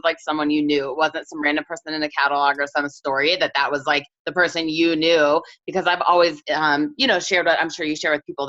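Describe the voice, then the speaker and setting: Low-voiced woman host on a dull line. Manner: enthusiastic, warm praise, many fillers. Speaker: host of a team training call. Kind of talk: casual interview.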